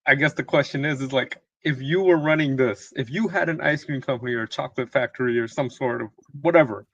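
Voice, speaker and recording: A man co-hosting a podcast, relaxed and easygoing, often chuckling. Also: mid-range voice, fast, no room sound. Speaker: podcast co-host. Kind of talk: casual chat. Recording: slightly dull, muffled audio.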